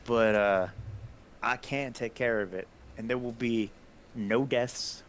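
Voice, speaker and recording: A man voicing a smooth human male sorcerer in a tabletop game, folksy and quietly threatening. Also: mid-range voice, steady tone, slow pace, a little hiss or hum, lightly acted. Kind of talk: tabletop game role-play.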